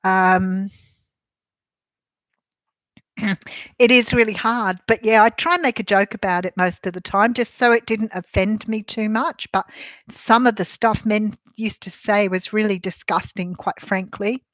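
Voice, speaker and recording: A woman's voice: mid-range voice, fairly even intonation, unhurried, a bit bright, dry recording. A middle-aged Australian woman, chatting candidly with viewers on a livestream, laughing easily with many ums. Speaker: tarot channel host. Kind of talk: casual livestream chat answering viewers.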